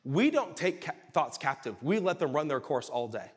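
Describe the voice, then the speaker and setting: A male pastor preaching a sermon with animated delivery that rises to shouts. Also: a little high, normal speed. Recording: reverberant hall.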